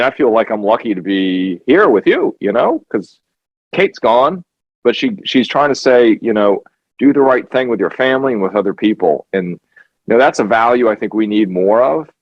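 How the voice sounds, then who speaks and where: A man's voice: mid-range voice, animated, moderate pace, no echo. A man speaking earnestly as a documentary filmmaker guest in a conversational interview, repeating words for emphasis. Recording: dull lo-fi dry sound.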